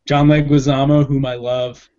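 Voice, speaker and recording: A man's voice: medium pitch, flat delivery, normal speed, mellow, lo-fi sound. A man co-hosting a movie podcast in casual chat, laid-back and swearing freely. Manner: laid-back, swears, says dude a lot. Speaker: podcast co-host.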